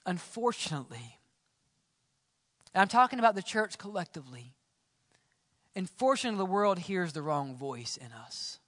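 A man preaching a sermon as pastor in a church, swinging between loud calls and hushed, whispered lines. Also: sits high, very animated, normal speed, long pauses, no echo, studio quality, long reverb tail.

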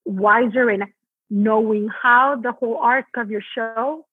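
Heard over a tinny, phone-like line without echo, a Mexican-born Broadway actress gives an interview in an unhurried, husky voice. She's animated, voicing quotes with sudden pitch jumps.

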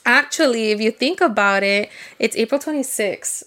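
Woman co-host, casual chat, slightly high voice, lots of "like", some spanish. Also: normal speed, a bit bright. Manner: casual, many "like" fillers, mixes Spanish into English. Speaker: podcast co-host.

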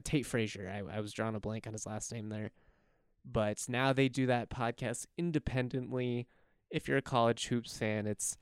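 A man's voice: mid-range voice, darkish tone, clean tone, no room sound, clean studio sound. Chatty young man on a sports podcast. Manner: rambling, chuckling, self-correcting. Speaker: podcast host. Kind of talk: casual sports podcast talk.

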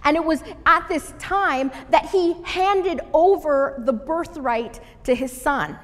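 A woman reading scripture aloud and then explaining it in a measured, teaching sermon. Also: sits high, fairly bright tone. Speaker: Bible teacher. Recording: long hall reverb.

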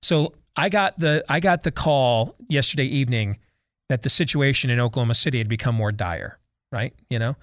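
Chatting loosely with his co-hosts, this radio talk show host keeps restarting and slipping into asides, and he breaks for live ad reads. His mid-range voice is a bit bright and a little fast, recorded with clean studio sound and no echo.

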